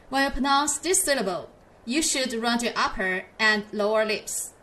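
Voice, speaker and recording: A woman's voice: a little high, expressive, pushed and bright. A woman teaching a pinyin lesson in English, patiently modelling each syllable for learners to repeat. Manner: slow, patient, drawn-out model syllables for repetition. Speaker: Chinese teacher.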